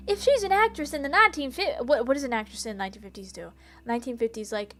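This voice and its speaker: This streamer talks fast in a high, sing-song voice with a bright, forceful tone. Playing a detective game over faint background music, she reads the text aloud, giggles, and chats casually with her viewers.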